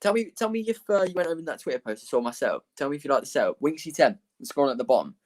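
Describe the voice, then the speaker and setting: A man's voice: mid-range voice, big pitch swings, very fast, darkish tone. A young man hosting a live football watchalong, chatting casually with viewers and rambling between bursts of commentary. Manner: chatty, rambling, laughs often. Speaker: livestream host.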